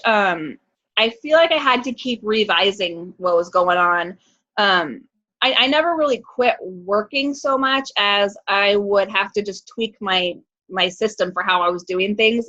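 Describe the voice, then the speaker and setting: A woman's voice: mid-range voice, fairly bright tone, highs cut off. A woman guest answering interview questions on a video call, hesitant with frequent ums and restarts. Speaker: guest coach.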